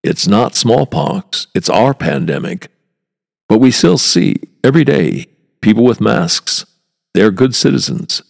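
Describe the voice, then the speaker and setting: Man, podcast host, tour guide, low, gravelly, wry, chatty asides, long reverb. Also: very animated, a little slow. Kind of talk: podcast monologue.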